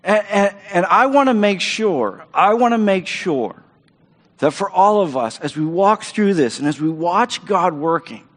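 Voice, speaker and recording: High-voiced pastor in a reverberant hall. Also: male voice, expressive, unhurried. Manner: enthusiastic, repeats words and restarts phrases. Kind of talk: sermon. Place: church auditorium stage.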